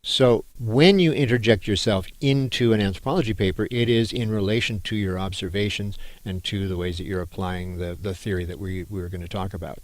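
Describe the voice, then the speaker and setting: A man's voice: fairly low pitch, brisk, few pauses, dry recording. A middle-aged male anthropology professor giving a conversational, emphatic lecture on writing, with fillers and restarts.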